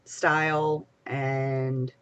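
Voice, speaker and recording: A young woman chatting casually as a co-host on a live stream, rambling and excitable, swinging between loud bursts and soft trailing asides. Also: extremely low pitch, extremely slow, clean tone, muffled recording. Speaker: podcast co-host.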